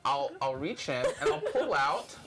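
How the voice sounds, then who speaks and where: A man's voice: medium pitch, big pitch swings, a little slow, very noisy. A man playing a tabletop role-playing game, voicing his scholarly character with playful mock formality. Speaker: player.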